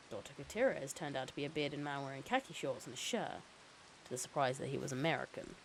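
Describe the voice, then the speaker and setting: A woman's voice: very deep voice, animated, quick pace, a little hiss or hum, low-quality recording. A woman streamer reading a novel aloud, breaking off now and then for casual, sweary asides.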